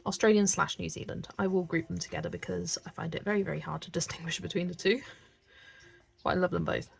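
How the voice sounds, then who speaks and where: A woman's voice: fairly low pitch, fairly even intonation, fast talker, vocal fry. A woman with a Southern British accent, chatting casually and musing over viewer questions while she colours on a livestream. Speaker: livestream host.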